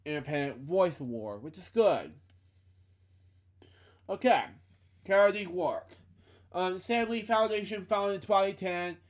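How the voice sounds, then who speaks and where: A young man hosting a podcast, reading a tribute aloud in a halting way with many fillers and restarts, out of breath. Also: a little high. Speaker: podcast host.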